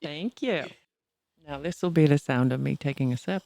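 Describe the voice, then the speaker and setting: A woman's voice: sits low, normal speed, vocal fry, warm tone. Bubbly laughing woman co-host, Boston accent. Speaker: podcast co-host. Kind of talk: casual chat.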